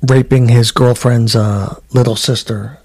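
A middle-aged man, a former trooper, telling stories in a casual chat, animated and swearing, acting out what people said. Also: medium pitch, measured pace. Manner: animated storyteller, swears, acts out quotes.

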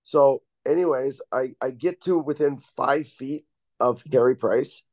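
A man who is a guest on a podcast, telling casual stories in a relaxed, rambling way with many fillers over a video call. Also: medium pitch, a little slow, no echo. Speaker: guest, former pro hockey defenseman. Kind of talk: casual storytelling. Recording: dull dry lo-fi recording.

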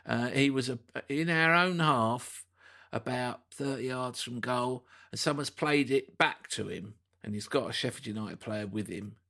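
A man with an excitable, rambling way of talking in a casual chat. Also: mid-range voice, measured pace. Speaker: football fan pundit.

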